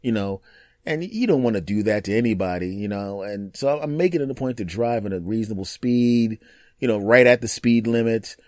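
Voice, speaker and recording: Man, podcast host, animated storyteller, dry close mic. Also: on the low side, no echo. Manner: animated, acts out other people's lines in quick put-on voices. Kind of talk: casual storytelling monologue.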